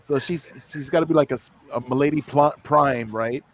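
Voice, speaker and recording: A relaxed man co-hosting a casual chat, voice sitting in a middle register. He slips into characters' lines as he retells a scene, heard over a video call. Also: mid-range voice, a little fast, low-quality recording. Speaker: podcast co-host. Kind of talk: casual chat reviewing comics.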